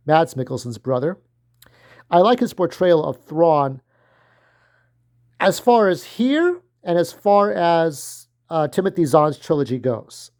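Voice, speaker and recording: A man giving casual, rambling fan commentary, often losing track of names and filling pauses with "uh". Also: a little high, darkish tone. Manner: rambling, loses track of names, many fillers.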